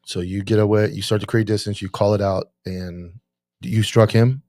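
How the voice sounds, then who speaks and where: Man, podcast host and cop, animated, swearing, acts out conversations, dry close sound. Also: fairly low pitch, moderate pace, no room sound. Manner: animated, swearing, acting out phone calls. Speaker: podcast host, police officer. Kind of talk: casual interview chat.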